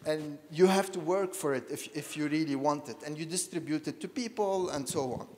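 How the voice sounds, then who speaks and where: A man's voice: fairly high pitch, a little mellow. Reflective man in a reverberant hall. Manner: reflective, halting, circling back on phrases. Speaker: panel speaker. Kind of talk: personal storytelling talk. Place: lecture hall. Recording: long reverb of a lecture hall.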